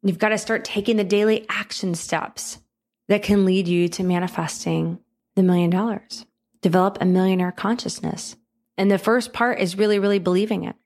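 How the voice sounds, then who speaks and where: A woman's voice: mid-range voice, fairly even intonation, moderate pace, a little mellow. A woman hosting a motivational podcast, speaking earnestly and encouragingly and repeating phrases for emphasis. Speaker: podcast host.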